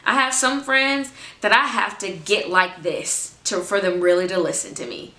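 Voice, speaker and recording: A woman's voice: medium pitch, normal speed, few pauses, sharp tone, echoey room. A woman in her twenties giving a motivational talk to her viewers, emphatic and repeating phrases for effect. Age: 20s. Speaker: faith vlogger.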